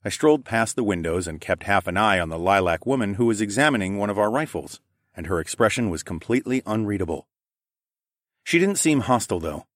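A man reading a first-person novel in a lowish voice. He moves briskly through the narration and pushes harder in the dialogue. The sound is dry and close, with no room around it. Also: animated, no room sound. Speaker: audiobook narrator.

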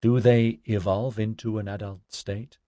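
A man voicing a calm, formal unseen intelligence that asks measured questions. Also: on the low side, no echo, studio quality, close to an everyday voice. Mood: questioning.

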